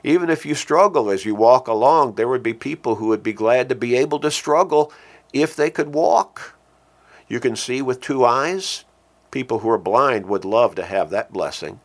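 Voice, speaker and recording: A man preaching a sermon who speaks earnestly, repeats key phrases for emphasis, and slows down with a lifted voice when he quotes scripture. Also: medium pitch. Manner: slows and lifts his voice when quoting scripture.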